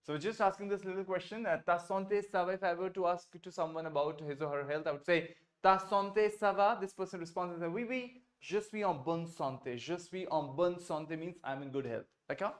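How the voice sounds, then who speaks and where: In an online beginner French class held over a video call, a man with an Indian English accent and a somewhat high voice teaches patiently. He drills phrases slowly, repeats them, and shifts back and forth between French and English.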